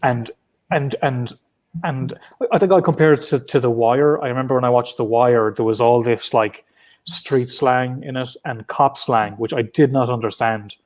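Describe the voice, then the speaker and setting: A man's voice: mid-range voice, moderate pace, a little mellow. Chatty Irish man on a video call. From Ireland. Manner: chatty and loose, with many restarts and filler words. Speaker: guest comic writer. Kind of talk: casual interview over video call. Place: his apartment at home. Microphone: laptop on a video call.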